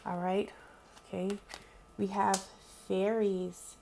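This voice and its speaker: A woman's voice: medium pitch, flat delivery, slow, gravelly, noisy background. A young woman giving a casual, heartfelt spiritual talk to her viewers, repeating herself and using lots of fillers as she speaks. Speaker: spiritual reader. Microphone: home video recording.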